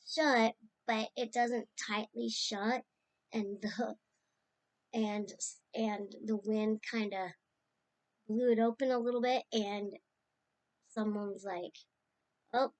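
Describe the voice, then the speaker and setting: A woman speaking casually and tenderly as she remembers her late uncle, rambling from one story to the next. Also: a little high. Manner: rambling and tender, drifting between stories. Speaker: niece sharing memories of her late uncle.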